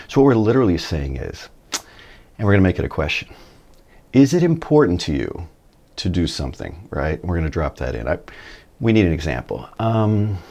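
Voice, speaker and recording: A man giving a relaxed, chatty video lesson, with folksy asides, a little tired early in the morning. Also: sits low. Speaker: Spanish teacher.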